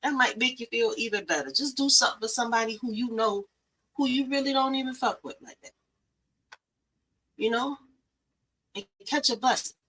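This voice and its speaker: A woman's voice: a little high, normal speed, long pauses, fairly bright tone, a little hiss or hum, low-quality recording. A middle-aged woman, hosting a talk show and giving blunt, profane, emphatic advice. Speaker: podcast host. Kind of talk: preachy motivational talk.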